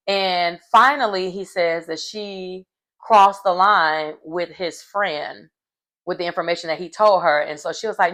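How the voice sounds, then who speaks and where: A woman talks straight to her viewers, recapping reality TV drama in a casual, chatty way. She's gossipy and emphatic. Her voice leaps high when she's shocked. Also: a little slow, fairly bright tone.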